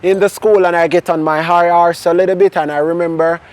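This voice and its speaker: Animated Jamaican man telling his story. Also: sits high, fairly quick. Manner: animated storyteller mixing in patois. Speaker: interview guest. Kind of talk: personal testimony in casual conversation.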